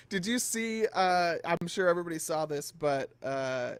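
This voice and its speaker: Fairly high male voice, dry close sound, joking political co-host. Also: animated, slow, clear, resonant tone, dry recording. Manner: joking, laughs often, mimics others. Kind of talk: casual political commentary.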